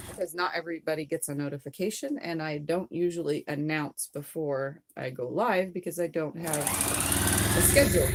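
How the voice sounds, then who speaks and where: A hoarse woman chatting casually on a livestream from her sewing room, rambling and greeting viewers as she reads out their comments. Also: fairly low pitch, heavy background noise. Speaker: live streamer.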